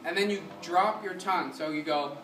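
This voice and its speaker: A man's voice: high voice, normal speed. A man teaching a music lesson to a class, quizzing students and singing short syllables to demonstrate. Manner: energetic, keeps asking the class questions. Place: community center room. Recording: roomy, distant mic with room noise.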